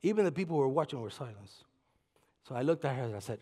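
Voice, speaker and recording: A man from preaching a sermon in a church, telling a story that swings from soft asides to shouted climaxes. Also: medium pitch, sing-song, fast, slightly rough. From Puerto Rico. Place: church sanctuary. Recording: long hall reverb.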